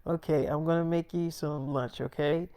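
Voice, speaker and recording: A man voicing his pregnant girlfriend in a story, in a soft, coaxing way and his own everyday voice. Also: a little high, steady tone, normal speed, clear, resonant tone, no room sound, close to an everyday voice. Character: young woman, a man's pregnant girlfriend, doting.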